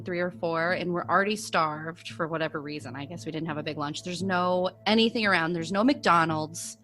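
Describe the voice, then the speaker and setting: Woman co-host with a fairly low voice, rambling storyteller, faint music in the background. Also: fairly bright tone. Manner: rambling, with lots of "like" and laughs. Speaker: podcast co-host. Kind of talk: casual storytelling chat.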